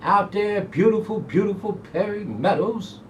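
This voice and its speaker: Fired-up high-voiced male racing tipster. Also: unhurried, slight background noise. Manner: fired-up, folksy, talks to himself to calm down. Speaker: horse racing handicapper and show host. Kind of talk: excitable folksy race preview monologue. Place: studio. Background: soft jazz music.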